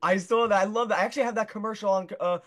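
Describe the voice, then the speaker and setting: A man's voice: high voice, steady tone, rapid-fire, a bit bright. A man interviewing a guest in a casual chat, asking questions with eager enthusiasm.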